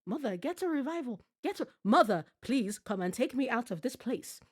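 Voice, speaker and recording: A woman's voice: fairly high pitch, sing-song, moderate pace, voice pushed up. A woman voicing a frightened grown man who begs his mother to come and take him away, in a whiny, pleading voice that repeats itself.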